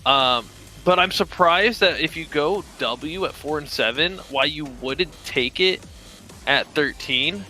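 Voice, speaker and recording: A man co-commentating an esports match in a bright, forward voice. He talks casually and chattily, restarting sentences as he thinks aloud, over faint music. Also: fairly high pitch, low-quality recording. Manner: chatty, self-correcting, quick laughs. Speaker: esports co-caster.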